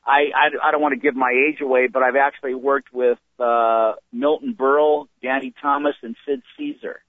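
Middle-aged male stand-up comedian, lively storyteller, acts out quotes; tinny phone-quality audio. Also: mid-range voice, moderate pace, no room sound. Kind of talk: storytelling in an interview. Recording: phone-like dry sound.

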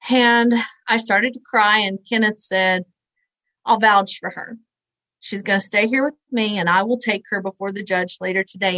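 A woman's voice: mid-range voice, pushed and bright, no echo, rough recording. Earnest woman in her forties telling a story. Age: 40s. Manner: earnest, conversational, acts out quoted voices. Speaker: interview guest, author. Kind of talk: personal storytelling in an interview.

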